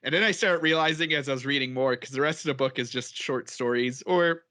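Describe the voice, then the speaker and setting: Bright-voiced chatty podcast guy. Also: medium pitch, brisk. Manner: rambling and chatty, laughs often. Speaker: podcast co-host. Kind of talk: casual chat.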